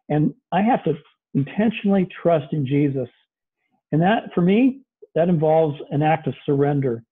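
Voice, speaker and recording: A man's voice: on the high side, husky. A man preaching a sermon over a video call, talking in an earnest, conversational way with many fillers. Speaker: pastor. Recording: tinny lo-fi video call audio.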